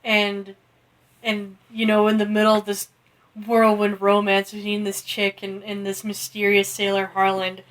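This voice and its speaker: A female podcast co-host walks through a book's plot in loose, joking chat, often laughing and swearing. Her voice sits at an everyday mid pitch. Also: monotone, unhurried, a bit bright. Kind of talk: comedic book recap.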